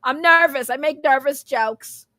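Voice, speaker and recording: A woman's voice: high-pitched, unhurried, sharp tone, no echo, clean studio sound. A young woman, rambling bluntly in casual livestream commentary, laughing often and swearing freely.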